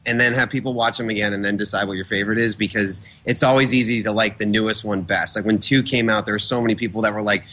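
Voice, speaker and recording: A guest filmmaker talks quickly and casually, slipping into other people's voices as he tells his stories. His tone is bright and forceful. It is a relaxed conversation. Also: fairly low pitch. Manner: fast, animated storyteller who acts out quotes. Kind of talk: casual interview chat.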